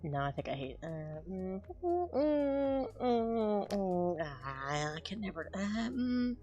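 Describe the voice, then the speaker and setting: A woman's voice: medium pitch, sing-song, takes it slowly, dark tone, dull audio, faint music behind. A woman streaming her drawing, chatting casually and rambling to her viewers in a self-deprecating way. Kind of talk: casual chat while drawing.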